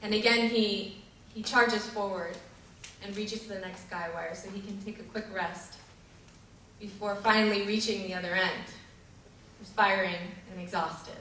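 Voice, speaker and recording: A woman's voice: medium pitch, fairly even intonation, a little slow, fairly bright tone, slight background noise. Woman preaching in an echoey hall. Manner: earnest, with filler words and restarts. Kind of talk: sermon with storytelling. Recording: echoey hall, distant mic.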